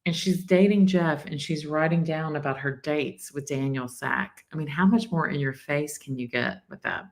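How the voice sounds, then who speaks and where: A woman's voice: low voice, fairly even intonation, normal speed, rough recording. A woman with a Southern accent hosting a live stream, chatting casually as she reacts to a clip. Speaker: livestream host. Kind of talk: casual true-crime commentary.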